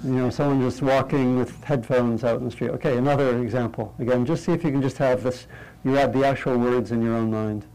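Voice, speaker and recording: A man leading a meditation class in an interactive talk, lighthearted and checking in with the group, thinking aloud through pauses and restarts. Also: mid-range voice, fairly even intonation, a little mellow, smooth, poor audio. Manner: light, humorous, often checks in with "right?". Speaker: meditation teacher.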